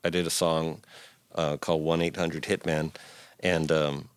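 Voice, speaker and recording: A middle-aged man, a guest musician, telling stories in a casual interview in a recording studio, acting out quotes with big jumps in pitch. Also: little pitch movement, unhurried, clean tone, dry recording.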